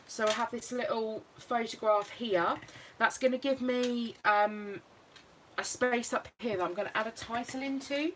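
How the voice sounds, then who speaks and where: A British woman, a craft vlogger, walks through her scrapbook project in a relaxed, chatty way, thinking aloud as she goes. Her voice is middling in pitch, and the poor audio carries a clear layer of background noise underneath.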